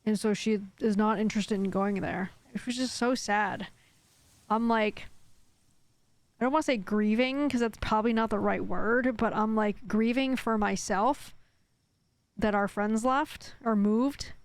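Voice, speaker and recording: A woman of medium pitch speaks a little slowly, with no room sound in the recording. She's streaming a game live, chatting loosely with lots of fillers, and reads the chat aloud before answering it.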